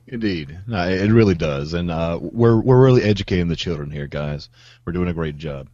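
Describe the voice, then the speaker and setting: A man guesting on a podcast, joking with crude deadpan asides. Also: sits low, fairly quick, no echo, muffled recording. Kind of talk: casual podcast banter.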